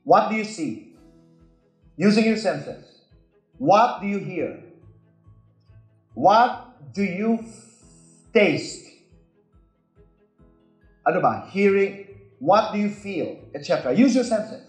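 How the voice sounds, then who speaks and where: Filipino guy coaching public speaking, kinda high voice, super emphatic, echoey cinema room. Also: slow, pauses often, soft background music. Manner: emphatic, animated, acts out sample answers. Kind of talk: coaching talk mixing English and Tagalog. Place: cinema hall. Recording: roomy echo of a cinema hall.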